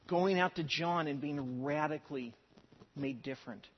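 A man's voice: fairly high pitch, normal speed. A man preaching a sermon in an earnest way, with strong emphasis at times. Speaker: pastor. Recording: dull sound with long hall reverb.

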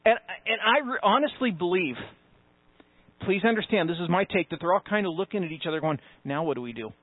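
Male pastor, sermon delivery, high voice, emphatic, thin phone-like audio. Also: brisk, pauses often, husky, no echo. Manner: emphatic, rising with conviction, conversational asides. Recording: tinny phone-like sound, dry.

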